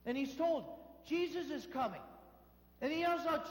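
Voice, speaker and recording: High-voiced priest preaching in a church. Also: male voice, normal speed. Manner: animated storytelling, acting out voices in quotes. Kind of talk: sermon. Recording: echoey church hall.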